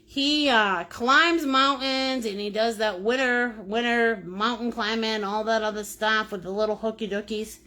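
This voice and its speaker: A woman's voice: on the high side, fairly even intonation, unhurried, hardly any pauses, sharp tone. A middle-aged woman teaching a live painting lesson in a playful, silly way, greeting viewers by name and laughing often. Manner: laughs often while talking. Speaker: painting instructor.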